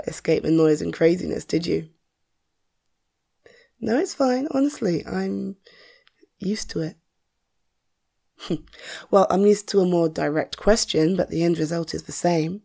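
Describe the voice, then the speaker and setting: A woman's voice: on the low side, vocal fry, mellow. A woman, acting a confident, wealthy mother who teases and flirts in a listener-directed audio role-play. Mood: flirtatious. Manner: teasing, self-assured, slow and playful.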